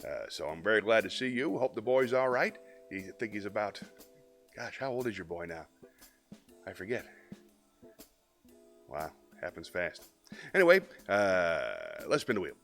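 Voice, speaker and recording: A man hosting a live stream show, chatting casually in a relaxed, rambling way full of "uh" fillers. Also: fairly low pitch, normal speed, long pauses, soft background music.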